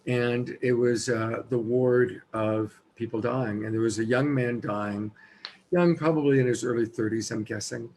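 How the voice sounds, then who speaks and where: A man's voice: mid-range voice, fairly even intonation, unhurried, a little mellow, a little hiss or hum, low-quality recording. A male host telling a personal story in a reflective, conversational way. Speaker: show host. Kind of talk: storytelling chat.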